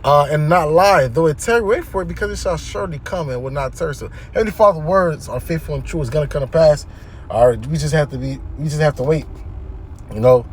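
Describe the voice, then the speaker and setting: A man teaches scripture in a casual preaching style, reading verses aloud and explaining them in plain, conversational language while frequently checking in with his listeners. His voice is fairly high, and there's slight background noise.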